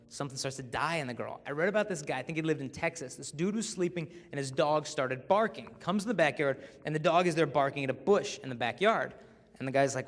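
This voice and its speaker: A lively young man speaks to a crowd, slipping into comic voices as he tells his stories. His voice sits a little high for a man and rings with long reverb from a big hall. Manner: animated, acts out voices for comic effect. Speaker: youth speaker. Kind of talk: humorous inspirational talk. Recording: echoey hall.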